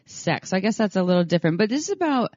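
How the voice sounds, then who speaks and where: A woman co-hosting a sex podcast in casual chat, talking haltingly with many fillers and restarts. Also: mid-range voice, big pitch swings, a little mellow, no echo. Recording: dry, dull lo-fi sound.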